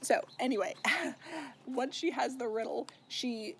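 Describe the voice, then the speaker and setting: A man's voice: very high voice, measured pace, creaky, loud music behind the voice. A young man casually recapping a novel, chatty and swearing freely. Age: young adult. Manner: chatty, swears, laughs while recounting. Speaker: book vlogger.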